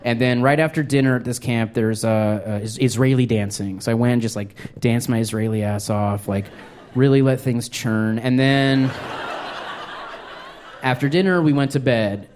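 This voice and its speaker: A man in his thirties telling a self-deprecating story on stage, breaking into high, acted-out quotes. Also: unhurried, darkish tone, slight background noise. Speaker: stand-up comedian. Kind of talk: stand-up storytelling. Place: comedy stage before a live audience.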